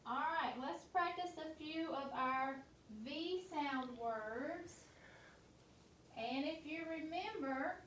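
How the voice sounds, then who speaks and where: Woman teacher, high-voiced, phonics dictation, a bit off-mic with faint noise. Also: reverberant, distant mic. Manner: slow, deliberate, sounds out each letter.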